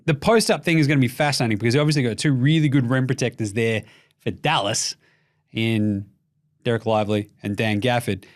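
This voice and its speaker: An Australian man hosting a basketball show in casual, jokey, profane chat that rambles into tangents. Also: mid-range voice. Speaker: basketball podcast host.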